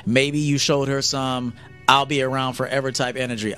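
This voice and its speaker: A male dating coach lectures men on a livestream, bluntly and with plenty of profanity. His voice sits at a middle pitch, with faint music playing under it. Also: steady tone, brisk, fairly bright tone.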